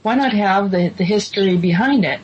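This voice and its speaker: A woman's voice: medium pitch, brisk. A woman hosting a casual talk show, speaking hesitantly with many ums and restarts. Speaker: host. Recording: dull lo-fi sound with faint noise.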